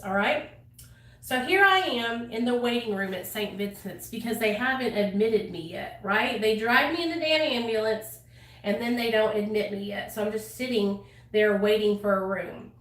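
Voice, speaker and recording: A woman's voice: a little high, a little slow. A woman telling her own story to camera in a casual, blunt way, swearing freely and using many fillers. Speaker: channel host sharing her recovery story. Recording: echoey room, voice a bit far from mic.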